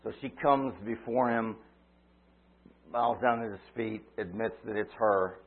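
A man preaching a sermon, retelling a story dramatically, swinging from loud cries to quiet asides. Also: on the low side, measured pace. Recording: tinny phone-like line.

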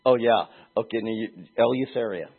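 A man preaching a sermon in an animated way, moving between quiet asides and shouted emphasis, with a husky voice. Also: medium pitch, brisk. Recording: tinny phone-like sound.

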